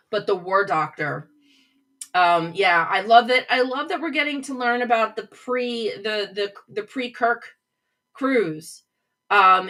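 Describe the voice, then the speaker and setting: A middle-aged woman hosts a live show from her home office, with a bright, forceful voice. She chats casually and gushes, reading out and answering viewers' comments as she goes. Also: fairly low pitch. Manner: gushing, chatty, reads out chat comments. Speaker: host of a livestream show.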